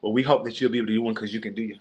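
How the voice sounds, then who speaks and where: A man's voice: on the low side, fairly even intonation, racing, background noise. A man hosting a casual live-stream interview, asking numbered questions and answering with frequent mm-hmms. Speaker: host.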